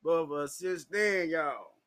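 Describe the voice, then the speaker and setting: A man, slightly drunk, tells a raw personal story to camera. His voice sits a little high and sounds bright and sharp, and he laughs loudly and swears constantly. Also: slow pace. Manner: loud, crude and laughing, swings into high shouting. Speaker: vlogger.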